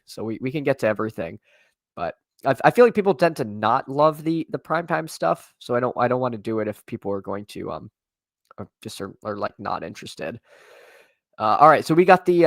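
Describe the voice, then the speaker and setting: A man's voice: mid-range voice, dry recording, studio quality. A man streaming fantasy football drafts, talking casually to his chat with lots of restarts and fillers, his voice getting tired. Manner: rambling, many restarts and fillers, talks to chat. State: voice tiring. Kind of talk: casual live-stream commentary.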